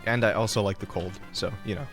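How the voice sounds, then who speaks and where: Young male streamer, lowish pitch, loose casual rambling, light music bed. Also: fairly even intonation, quick pace. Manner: rambling, lots of fillers and laughs. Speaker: game streamer. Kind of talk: casual chat while playing.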